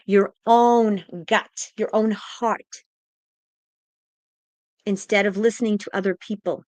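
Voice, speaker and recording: A woman's voice: mid-range voice, dry recording. Emotional woman preaching spiritual self-help. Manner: emphatic, repetitive, emotional preaching cadence. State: tearful, emotional. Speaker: psychic and spiritual speaker. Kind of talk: impassioned spiritual pep talk.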